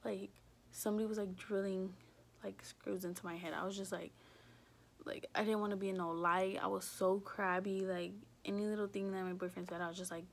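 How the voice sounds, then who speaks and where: A young woman telling a personal story in a casual, rambling way, filling every pause with "like" and swearing freely. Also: mid-range voice, fairly even intonation, gravelly, a bit bright. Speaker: vlogger.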